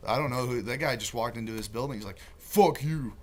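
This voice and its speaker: A man's voice: medium pitch, racing, a bit bright. A young man casually telling a profane story among friends, laid-back and full of swearing.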